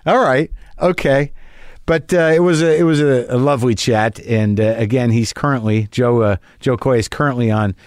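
A man's voice: medium pitch, normal speed, dry recording, studio quality. A man hosting a podcast, rambling casually with many restarts and fillers. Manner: rambling, self-interrupting, laughs often. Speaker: podcast host. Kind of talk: casual chat.

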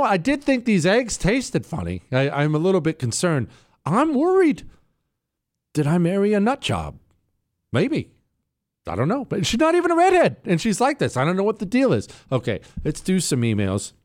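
Animated male talk radio host. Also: moderate pace. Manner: animated, swings high when incredulous. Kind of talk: casual talk radio monologue.

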